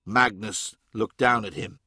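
A man reading an audiobook in a measured, dramatic way. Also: on the low side, bright, forceful tone, husky, no echo, clean studio sound. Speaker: narrator. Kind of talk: scripted audiobook narration.

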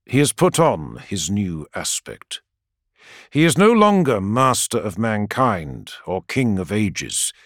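Expressive male audiobook narrator, dry sound. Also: lowish voice, slow pace, no echo. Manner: dramatic, expressive reading with lively swings.

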